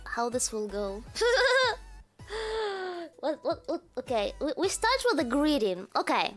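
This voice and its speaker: Very high-pitched excitable woman streamer. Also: slow, soft background music. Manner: excitable, swearing, laughing, teasing. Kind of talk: casual livestream chat.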